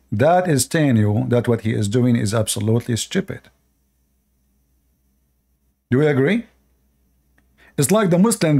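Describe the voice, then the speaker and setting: A man with a somewhat high voice delivers preachy reaction commentary, indignant and scolding. He speaks English with non-native grammar and keeps asking his listeners whether they agree. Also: darkish tone. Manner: indignant, preachy, asks the audience rhetorical questions. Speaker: online religious commentator.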